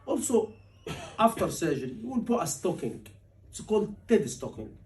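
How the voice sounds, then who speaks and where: A man teaching a surgery exam class, animated and asking his students questions often, acting out patient lines. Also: high-pitched, normal speed. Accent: Liverpool. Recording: voice from a distance.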